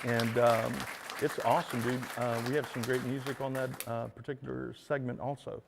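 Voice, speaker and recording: A man talks straight to his viewers as the host of his own show, rambling and padding every thought with fillers and "dude." His voice has a gravelly fry. A long hall reverb trails behind him. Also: mid-range voice, flat delivery, normal speed, over a noisy crowd, heavy background noise. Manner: rambling, filler-heavy, says "dude" often. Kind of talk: casual monologue to viewers.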